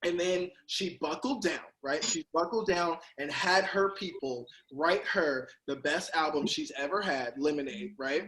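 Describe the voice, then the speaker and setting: A man doing a stand-up comedy set over a video call, animated and bursting into loud character voices. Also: fairly high pitch, a little slow, few pauses, rough recording.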